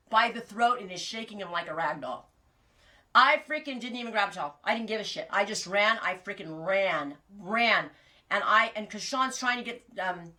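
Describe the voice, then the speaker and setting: A woman's voice: medium pitch, sharp tone. A woman hosting a casual livestream from her ranch, chatting with viewers and telling rambling stories full of restarts. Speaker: livestream host.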